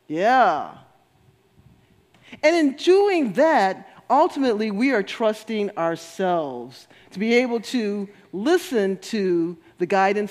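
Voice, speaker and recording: A man with a strikingly high voice delivers a spiritual talk in an animated way. He laughs often and repeats words to hammer points home. His voice rings with a long reverb, as in a large hall. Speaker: spiritual speaker.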